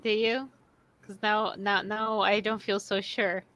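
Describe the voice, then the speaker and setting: A woman's voice: mid-range voice, level tone, measured pace, fairly bright tone. A woman from Canada joking around in a casual podcast chat, playful and teasing.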